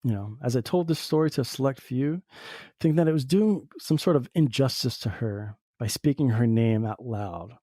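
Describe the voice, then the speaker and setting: A man's voice: mid-range voice, normal speed, dark tone, dry recording, studio quality. A man hosting a podcast, talking through a personal reflective monologue in a rambling way, full of "you know" fillers. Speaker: podcast host. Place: lives in Southern Oregon.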